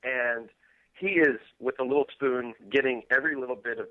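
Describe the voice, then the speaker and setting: A man's voice: medium pitch, normal speed, dry recording. A man guesting on a podcast, telling a long rambling story in a casual chat over a phone line.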